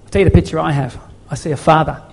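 Husky-voiced pastor preaching earnestly. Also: male voice, on the high side, steady tone, racing. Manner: earnest, pleading rhetorical questions. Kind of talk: sermon. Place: church.

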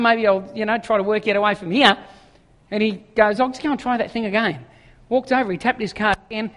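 A man preaching a sermon, telling a story with animated quoted voices. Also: high voice. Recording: long echoing hall reverb.

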